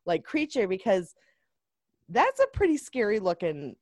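A woman chatting casually about a movie, giggly and animated, eager to agree with her co-host. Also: medium pitch, measured pace, dry recording, studio quality. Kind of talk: casual movie review chat.

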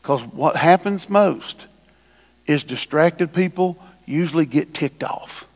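A male pastor preaching a sermon, swinging from hushed asides to loud, lively emphasis. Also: on the high side, slow pace, in a large hall. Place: church sanctuary.

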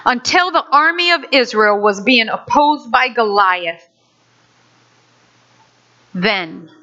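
A woman preaching in an animated way, acting out the story as she goes. Her voice sits high and bright. The recording sounds dull and lo-fi. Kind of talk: sermon.

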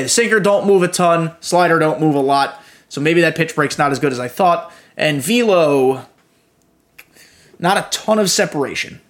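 Casual profane man, slightly high voice. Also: fairly bright tone. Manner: loose and profane, with frequent fillers. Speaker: podcast host. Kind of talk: casual gaming commentary.

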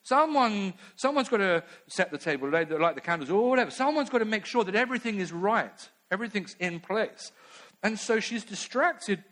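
A man's voice: sits high, animated, a little fast, fairly bright tone. A man preaching a sermon in a conversational way, with many asides.

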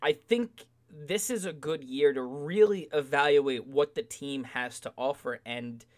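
A man chats about sports in a loose, animated way, slipping into mocking sing-song voices. His voice sits a bit high. It is a relaxed podcast conversation. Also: unhurried. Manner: animated, mocks fans in sing-song asides. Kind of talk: casual sports chat.

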